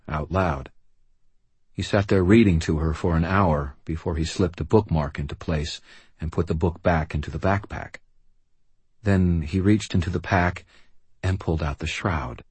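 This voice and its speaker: A male audiobook narrator with a very low, deeply husky voice. He reads first-person fiction in a dry, measured, wry manner. The recording is close and completely dry. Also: a little mellow, no echo.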